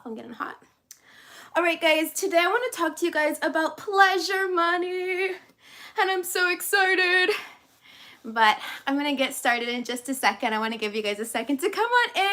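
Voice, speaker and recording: A woman's voice: sits high, a bit bright. A woman coach talking casually to the camera at home, bubbly and chatty with frequent laughs. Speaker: life and business coach.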